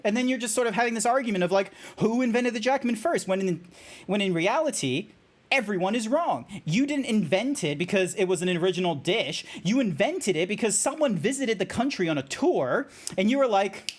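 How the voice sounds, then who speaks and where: A young Australian man streaming a game, rambling excitably through trivia and laughing at his own jokes. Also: high-pitched, brisk. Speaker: VTuber streamer. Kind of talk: casual game stream chat.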